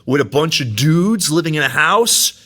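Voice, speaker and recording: This man is a podcast guest in relaxed conversation. His pitch swings widely and his voice has a bright, forceful ring. He laughs often while telling his stories. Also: moderate pace. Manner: animated storyteller, laughs often. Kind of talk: casual chat.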